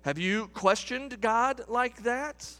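Bright-voiced, high-pitched man preaching. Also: slow. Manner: earnest, repeats words as he builds emphasis; acts out quoted complaints in a raised voice. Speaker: pastor. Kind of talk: sermon. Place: church.

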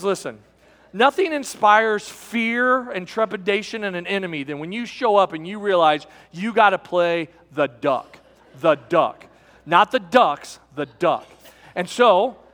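High-voiced preacher in an echoing hall. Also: male voice, a bit bright. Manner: folksy storyteller, addresses listeners as friends. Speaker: pastor. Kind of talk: sermon with personal story.

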